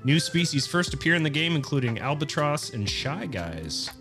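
A man's voice: on the high side, normal speed, over music. A man co-hosting a casual podcast, chatting and reading game history notes with light chuckles. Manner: relaxed, reads dates and facts, chuckles. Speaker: podcast co-host.

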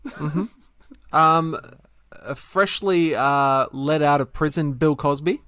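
Australian comedy podcast co-host, sardonic and sweary, slightly high voice, dry close sound. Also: male voice, slow pace, a bit bright, no room sound. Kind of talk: casual comedic chat.

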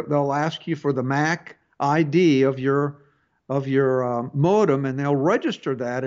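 A man's voice: a little high, darkish tone, dull audio. A man hosting a tech advice show, talking casually with frequent restarts and fillers. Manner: halting, many restarts and fillers. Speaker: radio tech show host. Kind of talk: casual call-in advice talk.

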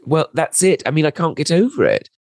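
A man's voice: on the high side, big pitch swings, brisk, creaky, a little mellow, no room sound, clean studio sound. A man co-hosting a comedy podcast, telling a rambling, self-mocking story in casual chat. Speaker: podcast co-host.

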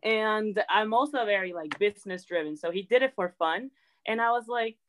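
A young woman as an interview guest, chatting in a lively way, acting out quotes and saying "like" a lot. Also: medium pitch, normal speed, rough recording. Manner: chatty, animated, acts out quotes, says "like" often. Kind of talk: casual storytelling.

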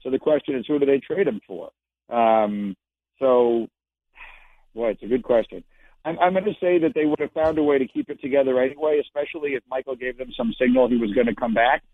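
A man with a mid-range voice and a fairly quick delivery guests on a radio show, drawing on his past as a sports reporter and repeating phrases to make his case. The casual interview comes through a phone on a dry, tinny line with no echo.

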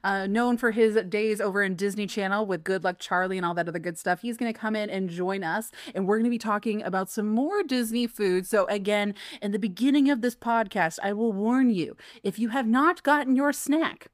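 A woman's voice: medium pitch, fairly quick, few pauses, no echo, clean studio sound. Chatty woman podcast host. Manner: chatty, rambling, animated. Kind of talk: casual chat.

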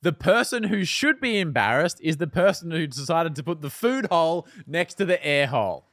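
A man's voice: on the high side, sing-song, normal speed, a bit bright, no echo, studio quality. A man co-hosting a podcast, reading listener messages and joking with teasing banter. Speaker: podcast co-host. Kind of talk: casual chat.

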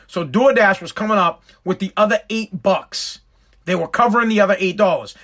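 A man's voice: high voice, fairly bright tone. A father talking straight to his viewers in a blunt, profane rant, often repeating and restarting his words. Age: adult with a school-age son. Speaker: vlogger and father. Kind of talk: casual ranting monologue to viewers.

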